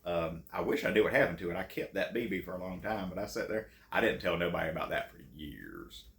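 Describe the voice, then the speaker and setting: Gravelly low-voiced man. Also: animated, fast, a bit bright, slight background noise. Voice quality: gravelly, folksy and laughing easily. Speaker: channel host and storyteller. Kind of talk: casual storytelling. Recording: echoey room.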